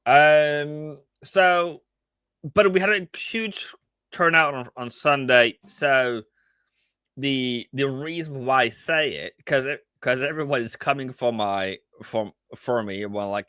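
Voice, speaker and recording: A man trader on a live stream, chatting casually about his trades with animated repeats, asides and laughs. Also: medium pitch, a little slow, clear, resonant tone, no echo.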